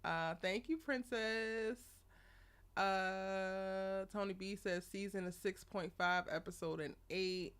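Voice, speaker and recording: A woman's voice: medium pitch, steady tone, takes it slowly, fairly bright tone, clean tone. A young woman hosting a casual live stream, chatty and laughing often as she greets viewers by name. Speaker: live show host.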